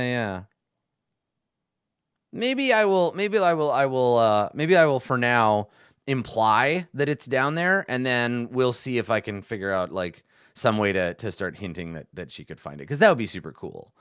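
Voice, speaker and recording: A man's voice: medium pitch, fairly bright tone, clear, resonant tone, dry recording, studio quality. A man talking as game master, planning a tabletop adventure aloud, thinking things through with restarts. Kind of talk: casual session prep talk.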